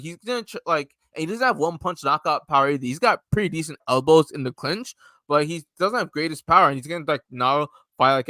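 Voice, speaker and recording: A man's voice: on the high side, sharp tone, dry recording. A young man co-hosting a casual sports podcast, rambling through his picks with lots of fillers. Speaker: podcast co-host.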